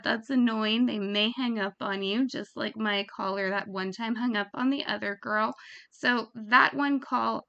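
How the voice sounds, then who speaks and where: A woman gives casual, frank instruction in a chatty way, laughing at her own examples. Her voice has a gravelly edge. The recording sounds dull and lo-fi. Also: medium pitch, fairly bright tone. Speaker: phone sex operator coach.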